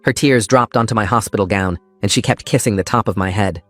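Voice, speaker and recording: A man narrating a first-person story in a calm, steady scripted style. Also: lowish voice, a little fast, dry recording.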